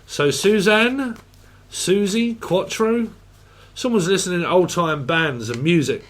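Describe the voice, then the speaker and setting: Male tarot reader, fairly high voice, crude, joking, rambling. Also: a little slow, fairly bright tone. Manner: rambling, crude and jokey, laughs often. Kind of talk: casual tarot reading.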